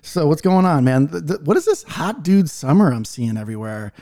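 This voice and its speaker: A man from New England hosts a casual podcast chat with a gravelly, mellow voice. He talks in a loose, joking way, with "like" scattered through his lines. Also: a little high, very animated, fairly quick. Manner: loose, joking, says "like" a lot. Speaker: podcast host.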